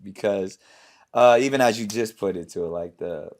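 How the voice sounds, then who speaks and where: Talk host, man in his forties, loose and excitable, trails off into fillers. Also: on the low side. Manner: animated, laughing bursts, halting with fillers. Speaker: podcast host. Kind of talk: casual interview chat.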